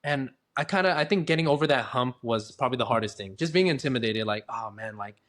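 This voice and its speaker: A man's voice: mid-range voice, lively intonation, quick pace, fairly bright tone. A talkative, easygoing man, chatting casually as a guest in an interview about his work. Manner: talkative, easygoing, acts out quoted voices. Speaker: guest, dental hygienist.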